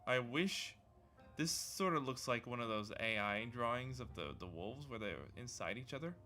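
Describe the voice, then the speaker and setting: A man livestreaming, reading a game blog aloud with excitable, rambling commentary while sleepy and yawning often. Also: medium pitch, normal speed, soft background music. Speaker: gaming streamer.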